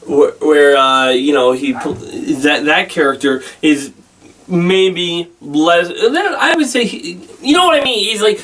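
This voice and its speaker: A man giving a casual spoken film review, rambling and halting with many restarts and fillers. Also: on the high side, fairly bright tone, far from the mic, a little hiss or hum. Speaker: movie reviewer.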